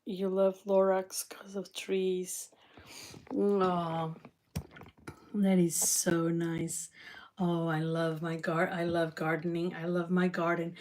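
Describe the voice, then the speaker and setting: A woman with a Portuguese accent chatting excitedly and rambling as she cooks on camera. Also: fairly low pitch. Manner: excitable, rambling, with frequent restarts. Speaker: cooking vlogger. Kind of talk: casual cooking chat to camera.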